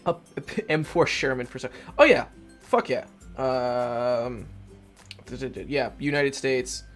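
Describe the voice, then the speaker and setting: A man narrating a game in casual let's play style, rambling loosely and swearing freely. He sounds self-mocking and offhand, at an average pitch. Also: expressive, measured pace, a bit bright, soft background music. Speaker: gaming video host.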